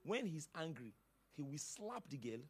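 A man's voice: on the high side, sing-song, moderate pace, slightly rough. A male pastor preaching a sermon in an emphatic, dramatic manner, with sudden outbursts.

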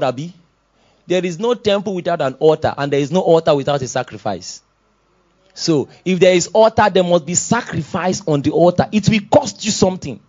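A Nigerian man preaches with a high voice, dropping into quiet, chuckling asides before building to loud, shouted exhortations. The sermon sounds dull and lo-fi, like a modest church recording. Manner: swings from soft asides to loud shouted exhortations, laughs often. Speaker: pastor.

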